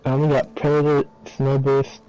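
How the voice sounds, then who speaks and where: An easygoing man chats with his gaming friends in a mellow voice. The sound is dull and lo-fi, like a voice chat line. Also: mid-range voice, monotone, moderate pace, clean tone, faint music behind. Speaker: co-player.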